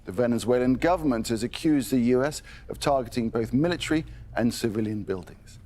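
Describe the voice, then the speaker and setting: A man's voice: medium pitch, fairly quick, a little mellow. Man reading the news, formal. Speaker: news anchor.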